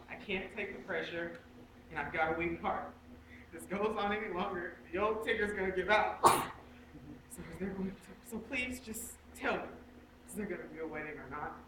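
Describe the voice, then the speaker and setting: A woman's voice: medium pitch, normal speed, close to an everyday voice. A woman playing a frantic, blustering producer. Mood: exasperated. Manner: nervous, exasperated bluster. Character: anxious, blustering older male producer. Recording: echoey stage audio from far off, noisy.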